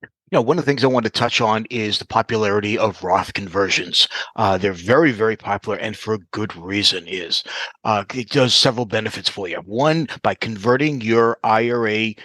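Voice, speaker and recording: Man, interview guest, low voice, dry recording, step-by-step explanations. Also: normal speed, fairly bright tone, dry recording. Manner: explanatory, walks through examples step by step. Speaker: financial advisor guest. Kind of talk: interview answers.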